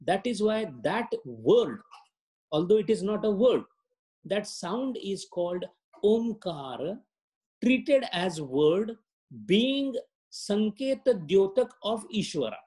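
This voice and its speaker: A man, teaching yoga philosophy in a high, light voice. He explains slowly and deliberately and sounds out each Sanskrit term with care. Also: very animated, dark tone. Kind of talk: spiritual lecture.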